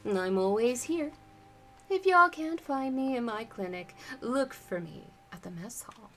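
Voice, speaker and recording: A woman voicing a folksy old woman camp nurse with a slow, drawling way of talking in a storybook reading. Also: fairly high pitch, lively intonation, bright, forceful tone, slight background noise, voice pushed up, full character voice.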